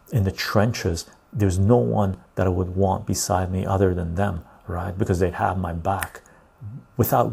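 A man's voice: deep voice, gravelly, darkish tone, husky. A man hosting a podcast, talking politics in a blunt, ranting way and checking in with "right?" as he goes. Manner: blunt, ranting, loose storytelling with frequent "right?". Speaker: podcast host. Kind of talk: casual political talk.

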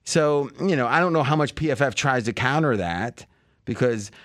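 A man's voice: medium pitch, animated, moderate pace, fairly bright tone, no room sound, studio quality. A man hosting a sports betting podcast, rambling and thinking aloud with lots of fillers and restarts. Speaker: podcast host. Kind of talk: casual sports betting chat.

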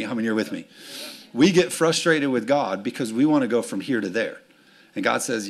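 Gravelly guy preaching to his church, tells stories, does little voices, asks for amens. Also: fairly low pitch, a little fast. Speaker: pastor. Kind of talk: sermon. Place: church sanctuary with congregation.

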